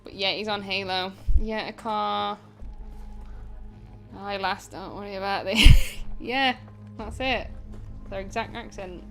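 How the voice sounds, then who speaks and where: A woman's voice: medium pitch, steady tone, a bit bright, faint music behind. Chatty northern English woman streamer. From England. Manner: chatty, rambling, quick to laugh. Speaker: gaming streamer. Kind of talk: casual chat while playing.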